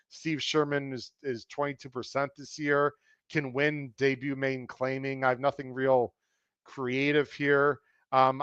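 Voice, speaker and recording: Man, podcast co-host, casual chat, analytical, smooth resonant voice, dry dull lo-fi sound. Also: medium pitch, fairly bright tone, no room sound. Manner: chatty, analytical, ribs his co-host. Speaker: podcast co-host handicapping horse races.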